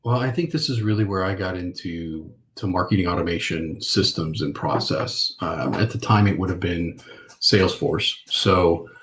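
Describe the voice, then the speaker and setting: A man with a fairly low voice tells his stories with a playful, animated lilt. He is a guest on a casual business podcast, explaining how he works as a marketing consultant. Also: normal speed. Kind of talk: casual interview storytelling.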